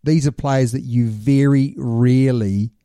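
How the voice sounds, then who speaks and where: A man with a very dark, mellow voice co-hosts a casual podcast chat. He explains at length and lays out questions for his co-host. The sound is dry and close. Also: medium pitch, fairly even intonation, measured pace, dry recording.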